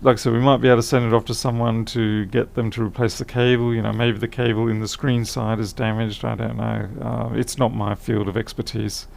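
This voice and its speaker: A man's voice: medium pitch, little pitch movement, a little fast, hardly any pauses, a little hiss or hum. A tired man chatting casually on a live stream, thinking aloud as he repairs a laptop, his voice fading. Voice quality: gravelly.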